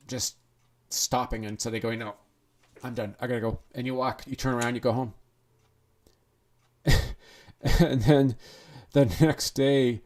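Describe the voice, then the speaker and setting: A man's voice: mid-range voice, darkish tone. A man hosting a podcast, talking in an earnest, rambling monologue full of restarts. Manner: earnest, rambling, with restarts and acted inner thoughts. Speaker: podcast host. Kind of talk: casual monologue.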